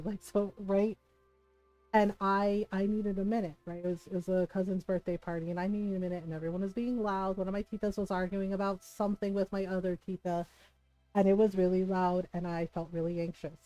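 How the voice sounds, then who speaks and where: A woman's voice: lowish voice, warm tone, rough recording. A woman streamer chatting candidly with her viewers, swearing freely, often laughing mid-sentence and tagging her sentences with "right?". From Filipino family background. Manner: candid and profane, tags lines with "right?". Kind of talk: casual chat with stream viewers while gaming.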